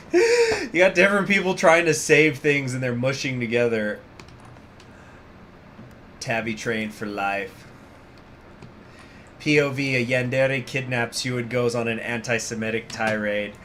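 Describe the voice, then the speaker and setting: A man's voice: mid-range voice, lively intonation, a little slow, pauses often, a bit bright, slight background noise. A man hosting a gaming channel, talking casually and rambling off into stories while he plays a strategy game. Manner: rambling, digressive, laughs often.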